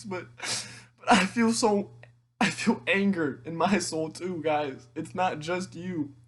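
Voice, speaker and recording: A teenage man in an emotional monologue to camera, tearful and halting, rambling with frequent restarts and swearing. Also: sits high, breathy edge. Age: teens. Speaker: vlogger.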